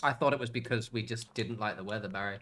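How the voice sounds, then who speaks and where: A young Englishman streams a game and chats casually, rambling along with plenty of fillers and the occasional swear word. His voice sits on the low side with a fairly bright tone, and he talks fast.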